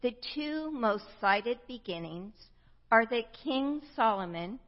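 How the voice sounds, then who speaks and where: A woman in her fifties from the United States, preaching a sermon and telling a personal story in a slow, reflective, measured way. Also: on the high side, expressive. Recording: dull sound with long hall reverb.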